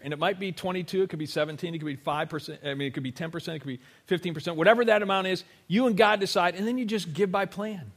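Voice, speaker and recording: A man's voice: high-pitched, quick pace, fairly bright tone. A man preaching a sermon to his congregation in a church, talking to them conversationally, often checking in with "right?" and acting out little quotes. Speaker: pastor. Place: church sanctuary.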